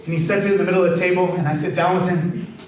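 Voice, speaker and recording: A man tells stories in an animated, laughing way and slips into a poetry reading, his voice sitting a little high. He is heard from a distance in a large hall with heavy echo. Faint noise sits behind him. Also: racing. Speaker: author giving a reading. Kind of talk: storytelling talk and poetry reading. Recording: echoey hall from far off.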